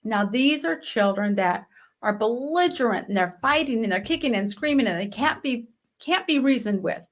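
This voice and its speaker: A woman's voice: a little high, expressive, moderate pace. A woman hosting a live business show, teaching marketing in a chatty, direct way with rhetorical questions.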